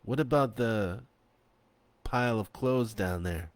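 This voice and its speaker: A man's voice: lowish voice, takes it slowly, no room sound. A man voicing a guarded small-town mayor going along with the sheriff. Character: cagey middle-aged male small-town mayor.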